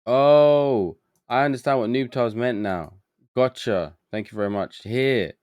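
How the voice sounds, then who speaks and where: A man's voice: medium pitch, unhurried, darkish tone, clean tone, no echo. A man streaming a game live, muttering to himself as he gets confused and chatting with his viewers. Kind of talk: live gameplay commentary.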